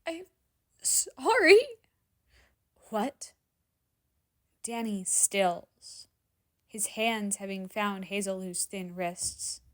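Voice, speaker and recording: A woman reading fan fiction aloud in dramatic story narration, expressive and sometimes dropping to a hushed whisper. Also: medium pitch, very slow, pauses often. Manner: expressive, drops to hushed whispers in tense moments. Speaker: fanfiction reader.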